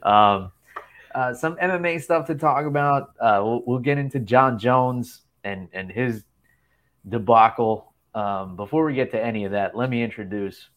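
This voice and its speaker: A man's voice: medium pitch, moderate pace, fairly bright tone. A man in his thirties hosting a casual chat show from a hotel room, rambling and laughing often. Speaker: podcast host.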